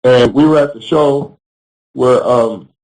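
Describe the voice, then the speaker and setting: A man, a former pro wrestler, giving a candid interview. He speaks bluntly, swears freely, and pauses often on fillers. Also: medium pitch, a little mellow, poor audio. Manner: frequent fillers and restarts. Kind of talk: candid storytelling.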